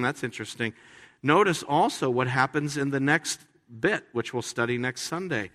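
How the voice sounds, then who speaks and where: A man preaching a sermon as a pastor, talking in a conversational way with playful, animated asides. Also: a little high, long reverb tail.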